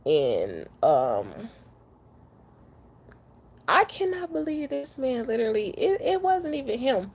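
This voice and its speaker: A woman's voice: on the high side, wildly swooping pitch, takes it slowly, pauses often, darkish tone, breathy edge. Blunt, upset woman truck driver venting. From Detroit. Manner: blunt, cussing, repeats itself. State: upset after crying. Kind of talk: emotional rant to camera.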